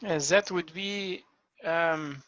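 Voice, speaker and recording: A man playing a tabletop game, chatty and joking, with a halting way of talking. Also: on the high side, fairly bright tone, dry recording, lo-fi sound. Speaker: player. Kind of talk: casual tabletop game chat.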